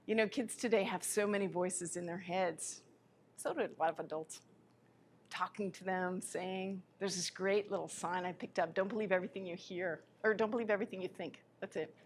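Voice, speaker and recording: A woman giving a live spiritual lecture in an impassioned way, her voice swinging between soft, quiet passages and sudden loud ones. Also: fairly low pitch, fairly even intonation, normal speed, a little hiss or hum.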